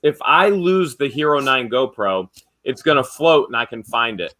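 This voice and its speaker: A man hosting a family vlog, telling a story in a casual, animated way and mimicking people's voices. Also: moderate pace. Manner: animated, acts out quotes in a high shouting voice. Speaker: vlogger and family channel host.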